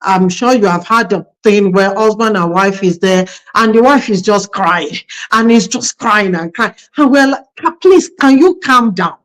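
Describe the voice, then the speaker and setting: A woman's voice: medium pitch, normal speed, hardly any pauses, rough recording. A woman, a pastor hosting a conversation about marriage, telling anecdotes in a reflective way with many fillers. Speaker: pastor and host.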